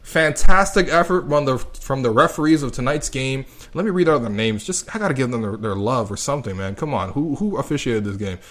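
A man's voice: mid-range voice, lively intonation, fairly quick, few pauses, a bit bright. Sarcastic rambling young man podcaster. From Canada. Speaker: podcast host. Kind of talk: casual solo sports podcast.

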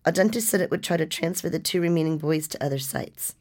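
A woman reading a nonfiction story as narrator, with a measured, restrained delivery. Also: low voice, a little mellow.

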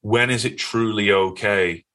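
A man with a Northern English accent, a guest in an interview, telling stories in an earnest, animated way. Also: on the low side, unhurried. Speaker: podcast guest. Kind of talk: conversational interview.

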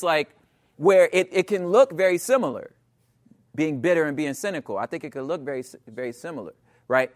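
A man in his thirties preaching a casual, conversational sermon, animated and slangy, often asking "you know what I'm saying". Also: high voice. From Los Angeles area.

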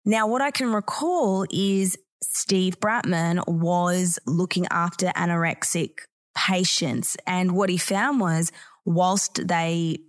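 A woman hosting a podcast, explaining a topic in a clear, educational way with lively emphasis on key words. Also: on the low side. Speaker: podcast host. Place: Bali.

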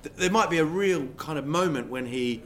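A man's voice: a little high, animated, a little fast, a bit bright. A man in his thirties hosting a podcast, chatting casually and jokily, trailing off into fillers as he talks. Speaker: podcast host. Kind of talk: casual chat. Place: Sweden.

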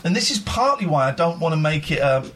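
Earnest, lively-voiced man confessing on air. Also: on the high side, a little hiss or hum. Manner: earnest, confessional, halting with many restarts. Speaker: radio show host. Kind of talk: candid radio chat.

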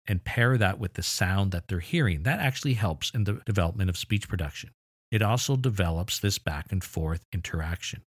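A man with a very low voice hosts an educational podcast, explaining things clearly and eagerly with mildly exasperated asides. The recording is dry and close-miked, with no echo.

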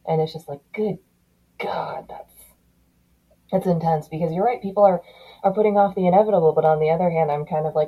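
Woman, low pitch, husky, podcast host, animated casual talk. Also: brisk, muffled recording. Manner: animated, thoughtful, occasional laughs. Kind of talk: casual chat.

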